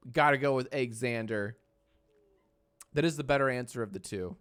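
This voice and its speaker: A man's voice: mid-range voice, brisk, smooth. Joking male streamer running polls. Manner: joking, runs viewer polls, talks to his dog; soft baby talk to his dog. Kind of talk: casual live stream chat. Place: home editing room.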